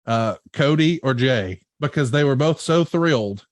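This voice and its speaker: A man's voice: medium pitch, a little slow, no room sound. A middle-aged man with a mid-range voice co-hosts a podcast, acting out other people's lines as he tells stories. His voice sounds dry and close. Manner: animated storyteller acting out quotes. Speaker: podcast co-host and show promoter. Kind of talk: casual podcast chat.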